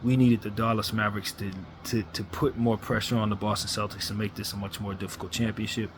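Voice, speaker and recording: A man's voice: fairly low pitch, flat delivery, a little fast, noisy background. A man ranting as a sports fan commentator, blunt and frustrated, hammering his points with repetition.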